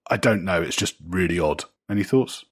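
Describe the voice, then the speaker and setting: A man with a deep, husky voice co-hosts a casual football chat. He muses wryly and often lets his sentences trail away. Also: fairly quick. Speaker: podcast co-host.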